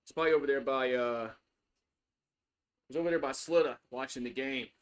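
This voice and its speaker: A man's voice: medium pitch, a little fast, clear, resonant tone. A man giving casual play-by-play on a live stream, loose and chatty, swearing freely. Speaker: live stream sports host.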